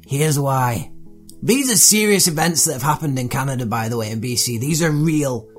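A man's voice: mid-range voice, moderate pace, soft background music. A man hosting a comedy podcast, sarcastic and profane as he mocks odd news stories. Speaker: podcast host.

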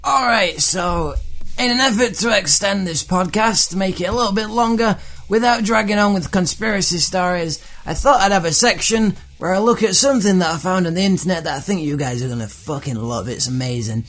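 A man's voice: sits high, brisk, fairly bright tone, faint music behind. A man hosting a comedy podcast, sarcastic and profane as he mocks odd news stories. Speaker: podcast host.

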